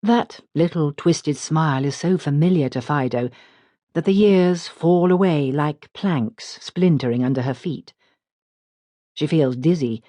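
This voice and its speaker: A woman narrating a literary audiobook in a measured, expressive way. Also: low voice, no echo.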